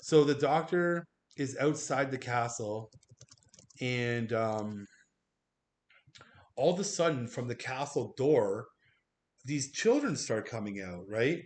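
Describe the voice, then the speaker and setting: A man's voice: mid-range voice, takes it slowly, long pauses. A man reviewing a movie on a casual livestream, rambling and swearing as he laughs through his reactions. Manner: rambling, profane, animated, laughing.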